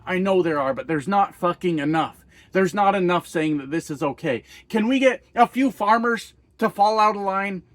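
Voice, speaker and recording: A fired-up American trucker rants straight into the camera, swearing freely and hammering rhetorical questions. His voice sits high for a man, and the sound is dry and close, with no room around it. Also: lively intonation, normal speed, fairly bright tone, dry recording. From United States. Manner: heated, profane, rhetorical questions. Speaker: trucker vlogger. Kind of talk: angry political rant to camera.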